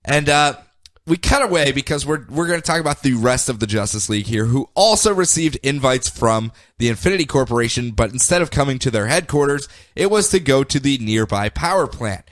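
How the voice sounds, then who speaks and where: A man's voice: mid-range voice, a little fast, no echo. Jokey man recapping comics, dry close sound. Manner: jokey, animated storytelling. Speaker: podcast host.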